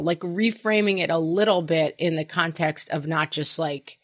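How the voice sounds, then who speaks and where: A woman's voice: deep voice, normal speed, no echo, clean studio sound. A mother co-hosting a chat show, talking animatedly and acting out her kids' lines. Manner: animated, acts out quotes of her kids. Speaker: podcast co-host, parent. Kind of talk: casual chat.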